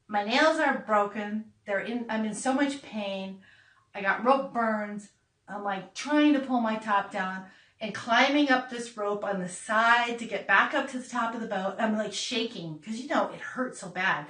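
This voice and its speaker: A middle-aged woman hosting a podcast, telling a personal story in a casual, animated way, laughing and acting out voices as she goes. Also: mid-range voice, unhurried. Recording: echoey room, a bit far from mic.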